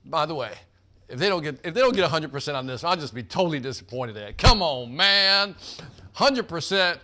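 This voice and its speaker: High, bright-voiced man hosting a quiz. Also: animated, a little fast. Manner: hyped, joking, calls out players by name. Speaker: host of a sales team quiz. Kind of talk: energetic live quiz hosting.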